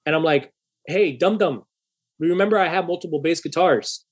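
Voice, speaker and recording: A young man with a fairly high, slightly breathy voice tells a story casually at a normal speed. He swears freely and gets animated, acting out a heated argument in quoted dialogue.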